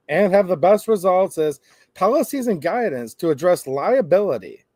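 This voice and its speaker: A middle-aged man hosts an opinionated commentary, animated, with sarcastic asides and acted-out quotes. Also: sits high, dry recording. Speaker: gun-rights channel host.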